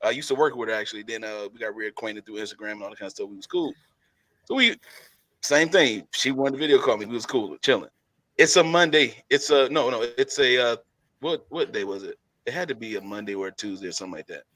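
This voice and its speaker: A fairly low-voiced man talks quickly with no echo while co-hosting a casual podcast chat. Animated in his storytelling, he laughs frequently and repeats himself.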